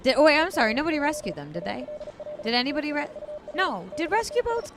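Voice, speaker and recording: A young woman streamer with a high, sing-song voice talks fast while reacting to a video, rambling, swearing, and reading viewer comments aloud. Music and heavy background noise fill the clip.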